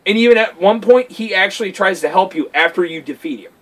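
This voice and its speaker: A podcast co-host with a high-pitched voice tells stories fast in casual chat, swearing a lot and voicing what others said. It's animated, profane storytelling, recorded with poor audio.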